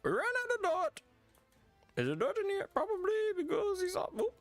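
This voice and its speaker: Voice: extremely high pitch, wildly swooping pitch, moderate pace, soft background music, voice pushed up, full character voice. A streamer putting on a goofy mock Swedish cook character, talking through puffed lips in a babbling comic accent that is hard to understand.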